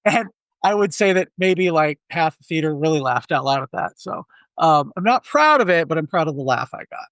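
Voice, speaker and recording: Animated man telling movie stories. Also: on the high side, moderate pace, no room sound. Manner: animated storyteller, acts out quotes. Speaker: podcast co-host. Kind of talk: casual movie review chat.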